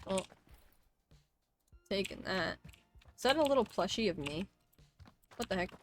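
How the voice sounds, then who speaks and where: A woman streamer casually commenting on her gameplay in soft, muttered asides. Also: mid-range voice, lively intonation, measured pace, faint music behind.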